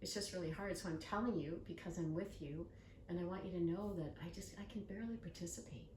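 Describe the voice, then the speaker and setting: In a casual interview, the older woman hosting tells her stories with earnest feeling and acts out the voices she quotes. Her lowish, slightly mellow voice moves at a quick pace, picked up from far away in an echoey room with faint noise.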